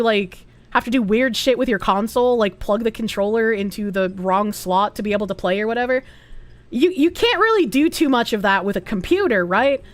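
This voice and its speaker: A woman streamer chatting casually, answering viewer chat aloud and swearing freely. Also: fairly high pitch.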